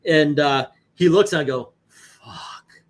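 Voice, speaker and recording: A man hosting a stream, telling profane, animated anecdotes in casual chat. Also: on the high side, normal speed. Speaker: host. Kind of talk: casual storytelling on a live stream.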